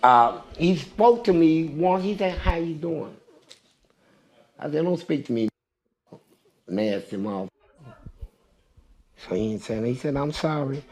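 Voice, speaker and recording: An older man telling a long story as an interview guest, profane and animated. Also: on the high side, a little slow, pauses often.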